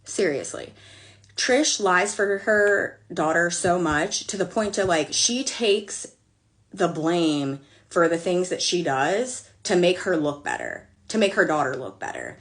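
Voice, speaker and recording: Sassy lady venting a storytime, kinda low voice, cusses a lot, blunt and fed up. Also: big pitch swings, a little slow. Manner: blunt, sassy, profane, exasperated asides. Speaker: storyteller vlogger. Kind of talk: casual storytime rant.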